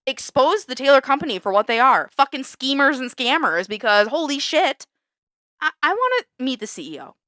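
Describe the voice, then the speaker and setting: A young woman rants on a podcast, angry and animated, with a bright, slightly high voice. She swears freely and her pitch leaps when she gets worked up. The sound is close and dry. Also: brisk, no room sound. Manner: heated, ranting, swears a lot; animated, big jumps in pitch when fired up. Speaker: podcast co-host. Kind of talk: casual chat. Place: small studio under a lamp.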